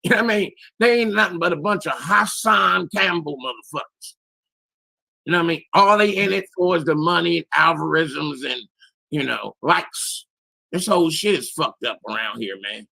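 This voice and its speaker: A hoarse man in his sixties with a gravelly, strained voice that sits a little high. His tone is bright and forceful, he talks bluntly and emphatically, and he swears a lot. The sound is dry and close. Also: normal speed, no echo. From Philadelphia area, US. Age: 60s. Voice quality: raspy, strained voice. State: hoarse after illness. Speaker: caller on a live panel show. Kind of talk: casual call-in talk.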